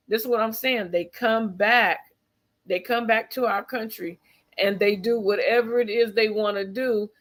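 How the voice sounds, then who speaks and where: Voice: medium pitch, fairly bright tone. Tired, emphatic commentary vlogger. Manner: emphatic, with frequent fillers and restarts. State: tired, yawning. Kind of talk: opinionated news commentary, reading out articles.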